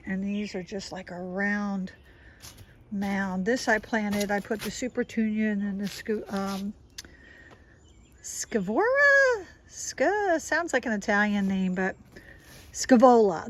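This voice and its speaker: A woman with a South Jersey accent walks through her backyard garden, talking in an easy, enthusiastic way as she points out each plant. Her voice sits in an ordinary middle pitch, and a faint outdoor hum stays in the background. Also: low-quality recording. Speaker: gardener giving a garden tour. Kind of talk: casual walking garden tour.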